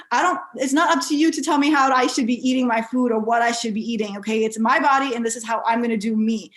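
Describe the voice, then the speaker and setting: A woman giving a motivational keynote, telling personal stories with lively, animated delivery and frequent restarts. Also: on the high side, fast, few pauses. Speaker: keynote speaker.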